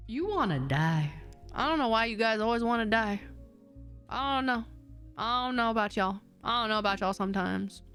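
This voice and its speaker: Woman streamer, slightly high voice, rambling and giggly, faint music behind. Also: steady tone, fairly quick, a bit bright, clear, resonant tone. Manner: rambling, chatty, giggly, reading chat aloud. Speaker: VTuber streamer. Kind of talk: casual chat stream wrap-up.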